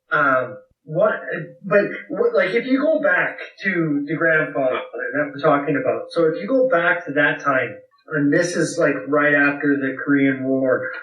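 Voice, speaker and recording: Drunk, swearing podcast co-host, a man with a slightly high voice, recorded far off in an echoey room. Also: a bit bright. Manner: rambling, profane, laughs a lot. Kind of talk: casual chat.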